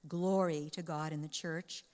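A woman with a soft Boston accent reading scripture aloud in a sermon, with dramatic, varied emphasis. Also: sits low, fairly even intonation, measured pace, big-room sound. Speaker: scripture reader.

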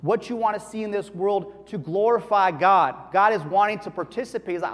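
A man preaching in a church hall, his voice sitting noticeably high for a man. He talks to the congregation in an animated, conversational way and keeps asking them questions. A long reverb tail hangs behind every phrase. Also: brisk, few pauses. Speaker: pastor. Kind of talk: conversational sermon.

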